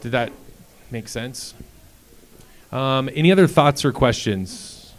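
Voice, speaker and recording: A man's voice: mid-range voice, takes it slowly. A man giving a casual talk to a live event audience, telling stories conversationally with frequent ums and restarts. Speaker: speaker at a startup event. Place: event room before an audience.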